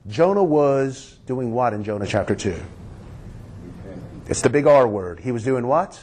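A man's voice: mid-range voice, animated, unhurried, a little mellow. A man pastor preaching a sermon, emphatic and drawing his congregation into call-and-response.

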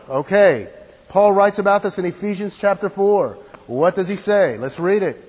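A man's voice: high-pitched, expressive, normal speed, darkish tone, breathy edge, in a large hall, rough recording. A man preaching a sermon in an earnest, emphatic way, asking the room questions and stressing key words.

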